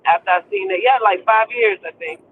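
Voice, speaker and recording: A woman co-hosting a casual panel chat, animated, slangy and blunt. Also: medium pitch, fairly quick, narrow, tinny audio. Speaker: panel co-host.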